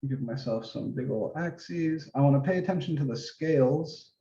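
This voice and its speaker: At normal speed and medium pitch, with vocal fry, a man teaches math in a laid-back office-hour lesson, thinking aloud as he draws each step and occasionally cursing mildly. The roomy, dull lo-fi recording carries background noise.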